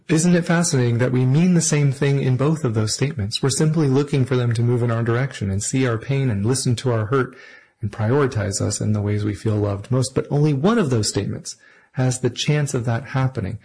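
A man giving an earnest, measured lesson on relationships and acting out example phrases between partners. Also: medium pitch, gravelly, mellow, slightly rough, rough recording. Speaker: relationship teacher. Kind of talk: instructional talk to camera.

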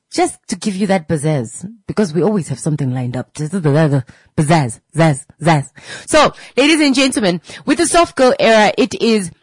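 A woman's voice: fairly low pitch, dry recording. Playful woman radio host. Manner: playful and chatty, breaks into sung vocal riffs and sound effects; repeats words for effect, calls listeners darlings and ladies and gentlemen. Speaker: radio talk show host. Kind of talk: live radio talk show monologue. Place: radio studio. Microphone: studio microphone.

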